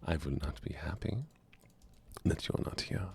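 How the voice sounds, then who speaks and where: A man streaming a game in a soft-spoken, half-whispered style, chatting gently with viewers in a put-on German accent. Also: rumbling low, a little slow, gravelly, a little hiss or hum.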